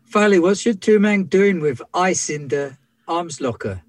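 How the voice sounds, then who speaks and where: A man's voice: sits high, animated, a little slow, dry recording. A man playing a tabletop character in a put-on accent, blunt, dismissive and swearing. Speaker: tabletop role-player. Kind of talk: in-character tabletop role-play.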